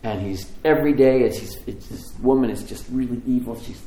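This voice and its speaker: A man tells a sermon story in a loose, conversational way, often restarting his sentences. His voice sits at an everyday middle pitch. The sound rings in an echoey room. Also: warm tone, a little hiss or hum. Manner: conversational, halting, many restarts.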